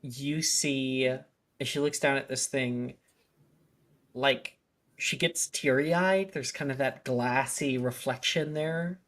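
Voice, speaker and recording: A woman's voice: very deep voice, takes it slowly. A woman narrating as game master in casual, giggly style.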